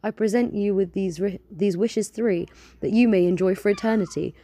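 A woman's voice: mid-range voice, moderate pace, dark tone, voice pushed up, close to an everyday voice. A woman voicing a playful, smoky blue male genie with a breezy, sing-song manner. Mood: grand.

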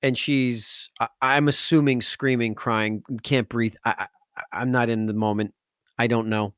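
A man's voice: mid-range voice, steady tone, unhurried, fairly bright tone, clean tone, no room sound. Podcast host guy, middle-aged, gets emotional and emphatic telling a story, dry close sound. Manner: intense, emphatic, rising to outbursts.

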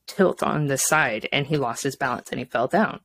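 A woman's voice: very deep voice, moderate pace, fairly bright tone. A young woman co-hosting a casual parenting chat, telling blunt stories and swearing freely. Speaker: podcast co-host.

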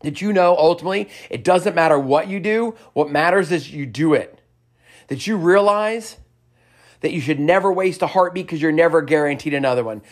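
A man's voice: fairly high pitch, a little fast. A man hosting a motivational podcast, cheering listeners on with repeated upbeat lines and a personal story. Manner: enthusiastic, sing-song cheerleading repetition.

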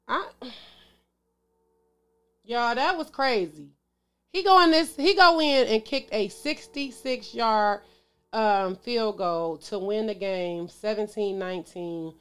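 A woman's voice: fairly high pitch, smooth. A woman hosting a casual sports show to camera, emotional, sighing and calling out to her viewers. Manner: emotional, exclaims and sighs, talks to viewers as "y'all".

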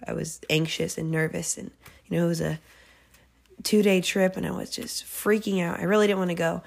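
A woman's voice: fairly low pitch, fairly even intonation, a little fast, gravelly. A young woman talks casually through a devotional episode she hosts. Her delivery is earnest and chatty, full of little fillers and self-corrections as she works through her thoughts. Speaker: faith podcast host.

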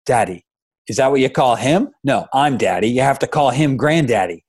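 A man's voice: medium pitch, animated, moderate pace, a little mellow, husky, voice pushed up. A man voicing an exasperated middle-aged father who argues sarcastically with his grown daughter on the phone. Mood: sarcastic. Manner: incredulous, sarcastic, pressing.

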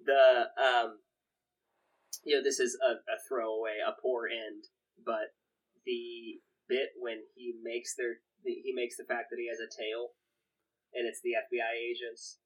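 A man's voice: medium pitch, little pitch movement, a little slow, low-quality recording. A young man co-hosting a podcast, chatting casually about a movie he loves, rambling with restarts and quoting lines. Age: young adult. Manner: rambling with many restarts and quoted asides. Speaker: podcast co-host. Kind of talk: casual film chat.

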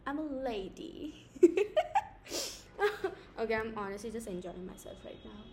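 A young woman from India with a squeaky voice, rambling and giggling through an improvised podcast from home late at night. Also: animated, fairly quick, slight background noise. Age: young adult. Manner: giggly, rambling, self-mocking. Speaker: podcast host. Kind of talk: casual improvised podcast chat.

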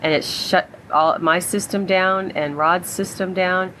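A woman with a somewhat low voice co-hosts a casual spiritual talk. She speaks in a gushing, emotional, rambling way over a remote call. A faint hiss of noise sits under her voice. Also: fairly even intonation, unhurried, fairly bright tone, poor audio. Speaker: co-host.

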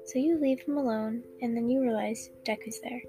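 A woman reading her own fan fiction aloud, halting and stuttering with many fillers, with music playing behind. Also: on the high side, fairly even intonation. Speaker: storyteller.

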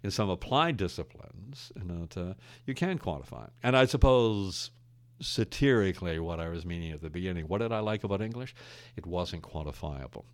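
Deep-voiced older man, wry and reflective. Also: expressive, fairly quick, dry recording. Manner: thoughtful, wry, digressive storyteller. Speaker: retired English teacher. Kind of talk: reflective conversation.

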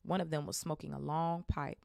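A woman's voice: sits low, fairly even intonation, fairly quick, gravelly, darkish tone, no echo, clean studio sound. A woman hosting a podcast, reading a novel aloud with casual, amused asides. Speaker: podcast host.

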